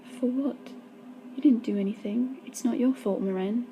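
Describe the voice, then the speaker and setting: Woman reading a bitter young male servant in a story, mellow and resigned. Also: normal speed, a little hiss or hum, close to an everyday voice, poor audio. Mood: gentle. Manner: low, bitter, resigned telling.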